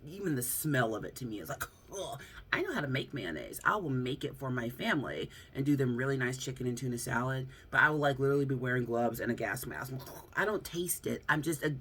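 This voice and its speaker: A woman's voice: rumbling low, fairly bright tone, husky. An American woman vlogging casually from home into her phone, rambling with lots of fillers and frequent laughs. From United States. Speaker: YouTuber. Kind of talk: casual vlog chat. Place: at home, seated close to camera. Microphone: phone front camera.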